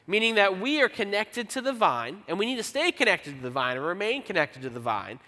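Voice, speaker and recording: A man preaching a sermon as pastor, conversational and self-deprecating, reading scripture slowly. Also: sits high, sing-song, pushed and bright. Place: church auditorium. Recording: long church hall reverb.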